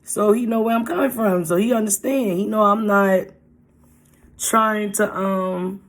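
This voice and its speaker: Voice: medium pitch, steady tone, measured pace. A casual storytime vlog told in a loose, rambling voice. The speaker circles back and repeats lines, leaning on slangy street talk. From Brooklyn, New York. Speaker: vlogger.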